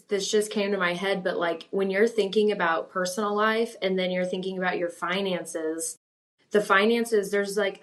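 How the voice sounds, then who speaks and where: A woman financial planner, a guest on a podcast, explaining and advising with many fillers. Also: medium pitch. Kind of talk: casual interview conversation.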